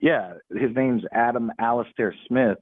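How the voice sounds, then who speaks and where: A man's voice: mid-range voice, measured pace. Hesitant male caller on a tinny phone line. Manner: hesitant, earnest, with many ums. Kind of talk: phone call-in.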